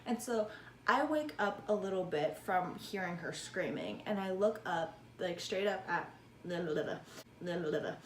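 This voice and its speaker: A woman's voice: fairly low pitch, expressive, moderate pace, a little hiss or hum. A young woman vlogger telling a casual storytime, chatty, swearing often and laughing between lines. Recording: echoey room.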